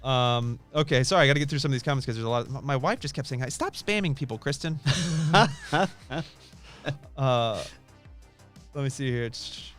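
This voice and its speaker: A man's voice: mid-range voice, normal speed, pauses often, a bit bright, clean tone, faint music behind. A man co-hosting a casual live-stream podcast, explaining ideas with lots of restarts and fillers, recorded on a studio mic. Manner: chatty, explains with many restarts. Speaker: podcast co-host.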